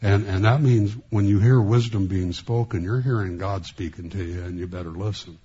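A man preaching a sermon as a pastor, speaking in a halting way with many restarts and flashes of sarcasm. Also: low voice, steady tone, warm tone, breathy edge, highs cut off.

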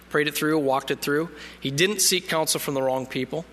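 Man, preacher, conversational sermon, bright forceful voice, long reverb. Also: a little high, steady tone, normal speed. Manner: conversational, reads scripture aloud, jokes at stumbling over names.

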